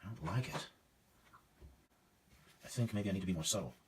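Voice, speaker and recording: A man's voice: low-pitched, animated, fairly quick, recorded from a distance, slight background noise. A man teaching a painting demonstration, thinking aloud as he works, casual and self-critical with hesitant fillers. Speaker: art teacher.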